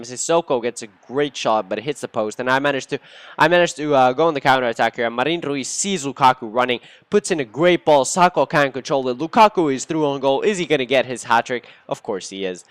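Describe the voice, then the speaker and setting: A young man hosting a gaming channel, giving casual, excitable gameplay commentary with cursing and sudden bursts of outrage. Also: mid-range voice, smooth, dry recording.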